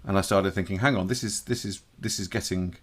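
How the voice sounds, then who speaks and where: This Shropshire man talks briskly in a low voice with fairly even intonation. On a podcast, he chats casually, rambling with frequent restarts and self-corrections amid jokey teasing.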